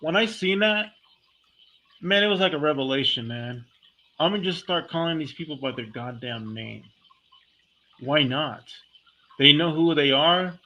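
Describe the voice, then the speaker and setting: A man's voice: fairly high pitch, lively intonation, unhurried, long pauses, bright, forceful tone. A man delivering a heated, blunt, profane monologue as a vlogger, talking casually and speaking his mind. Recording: dull lo-fi recording.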